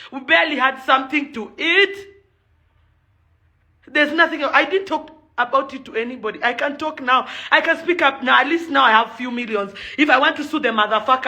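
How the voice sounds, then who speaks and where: A young Kenyan woman speaking in a fairly high, bright, tense voice. She rants angrily and with heavy emphasis, hammering the same points again and again. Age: young adult. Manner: furious, emphatic, repeats her points. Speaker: socialite and event organizer. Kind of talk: angry video rant.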